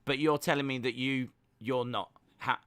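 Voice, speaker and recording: A man's voice: medium pitch, fairly even intonation, fairly bright tone, clear, resonant tone. A British man co-hosting a podcast, chatting casually and teasing his co-host with disbelief. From Britain. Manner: incredulous, teasing, quick to laugh.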